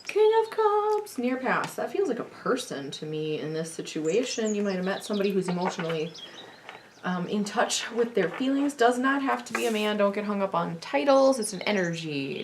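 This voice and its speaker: A woman's voice: medium pitch, fairly quick, a little hiss or hum. A woman giving a casual tarot reading at home, chatty and sassy, with swearing. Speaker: tarot reader.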